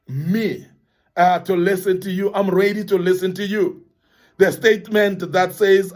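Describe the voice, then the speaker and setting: A man with a high-pitched voice delivers a motivational talk to young men. He speaks earnestly and emphatically, and he circles back over the same phrases to drive his point home. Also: fairly even intonation, a little slow, a little mellow.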